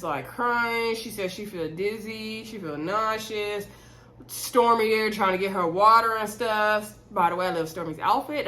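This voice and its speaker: A woman's voice: mid-range voice, a bit bright, slight background noise, poor audio. Chatty woman recapping reality TV. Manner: chatty, retells scenes while acting out the cast's lines; addresses viewers as "y'all". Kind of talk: casual episode recap to camera.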